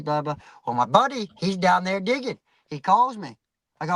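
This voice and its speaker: A man's voice: on the high side, sing-song, fairly quick, fairly bright tone, dry recording, low-quality recording. A man telling a rambling, profanity-heavy story in casual chat, acting out the voices of people he quotes.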